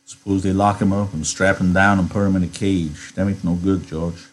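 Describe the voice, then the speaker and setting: A man reading aloud voices a calm, steady ranch leader who speaks low and measured with quiet authority. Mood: grave.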